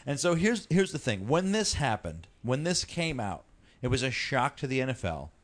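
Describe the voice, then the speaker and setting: Male podcast host, mid-pitched, casual and profane, talks in loose restarts. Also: very animated, moderate pace. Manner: loose, profane, rambling storytelling. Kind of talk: casual chat.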